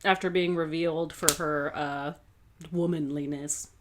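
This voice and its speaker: A woman hosting a casual film review chat, animated and swearing, breaking into quick voices of the characters. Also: sits low, noisy background. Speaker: video host.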